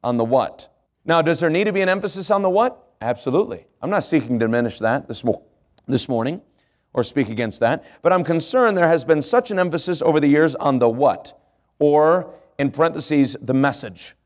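A pastor delivering a morning sermon in a voice pitched a little above most men. He spells out words letter by letter, asks his listeners questions, and slows down to weigh key phrases. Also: lively intonation. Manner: slows to stress key phrases, rises in passion. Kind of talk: sermon with fill-in handout.

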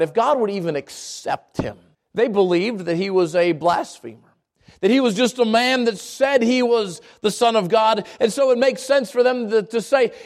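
High-voiced impassioned male preacher. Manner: impassioned, rises high for emphasis then drops to a hushed prayer. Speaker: pastor. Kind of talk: sermon.

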